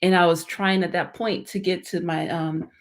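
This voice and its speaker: A woman with a slightly low voice tells her own story of survival in plain conversation. She talks earnestly and rambles, with lots of fillers and false starts. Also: steady tone, moderate pace. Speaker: life and motivational coach, guest.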